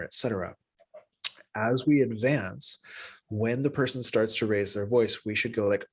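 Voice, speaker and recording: Animated man teaching an empathy class. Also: a little slow, breathy edge. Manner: animated, acts out little dialogues with pitch jumps; loose, restarting delivery with tags like "right?". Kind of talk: spoken class lecture.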